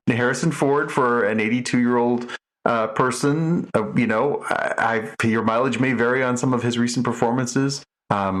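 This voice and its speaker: A man's voice: mid-range voice, a bit bright. A middle-aged man co-hosting a podcast in casual chat, rambling with many restarts and fillers. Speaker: podcast co-host.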